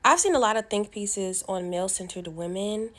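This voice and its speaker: A woman's voice: mid-range voice, normal speed, fairly bright tone, slight background noise. Emphatic woman giving casual commentary. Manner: emphatic, exaggerating.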